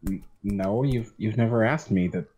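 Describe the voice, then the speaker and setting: A man's voice: on the low side, normal speed, a little mellow, husky. A man co-hosting a casual live stream chat, stammering with laughing asides. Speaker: co-host.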